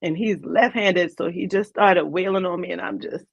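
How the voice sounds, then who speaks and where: A woman's voice: on the low side, normal speed, vocal fry, dry recording. A woman, a guest on an interview show, earnestly retelling a personal story in vivid detail. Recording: dull lo-fi dry sound.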